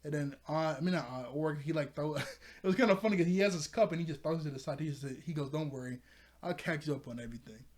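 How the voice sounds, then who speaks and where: A man's voice: a little high, darkish tone. A young man casually recapping a cartoon episode, rambling with frequent restarts and laughs, briefly acting out the characters' lines. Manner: rambling, laughs often, acts out lines in quick bits. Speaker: show reviewer.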